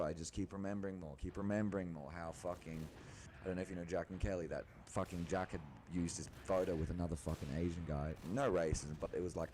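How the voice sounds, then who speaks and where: A young man venting in a casual monologue, rambling and agitated, swearing often and restarting his sentences. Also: low-pitched. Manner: rambling, profane and agitated, full of restarts and fillers. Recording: loud background noise.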